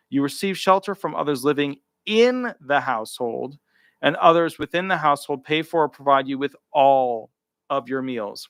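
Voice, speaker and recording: A man's voice: a little high, no room sound, clean studio sound. A man working as a disability attorney, giving live commentary while reading a rule aloud, with emphatic repeated words and offhand asides between the passages.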